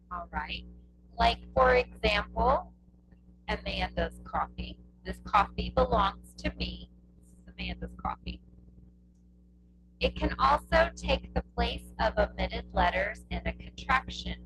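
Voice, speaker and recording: Against a noisy background, a woman whose voice sits on the high side with vocal fry walks through punctuation for test prep. She goes slowly and patiently, circling back over points and asking "okay?" again and again.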